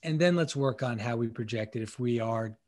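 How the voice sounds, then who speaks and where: A man's voice: mid-range voice, brisk. A middle-aged man in a conversational interview, explaining leadership and acting out bits of dialogue. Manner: animated, acts out dialogue with quotes. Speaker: guest, leadership author.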